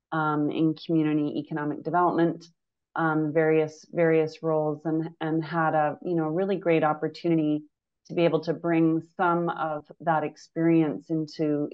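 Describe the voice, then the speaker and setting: Deep-voiced woman on dull lo-fi audio. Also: a little mellow. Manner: halting, many ums and restarts. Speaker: credit union executive panelist. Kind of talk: conference panel remarks.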